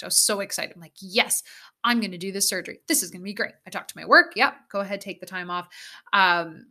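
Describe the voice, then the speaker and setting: Young canadian woman chatting to camera, bright voice, swears casually. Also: medium pitch. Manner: candid and chatty, swears freely. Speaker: vlogger.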